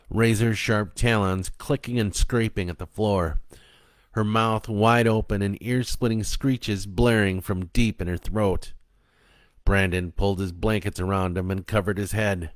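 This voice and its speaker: A man narrating a dark story in a slow, even, low-key reading voice. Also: dry recording.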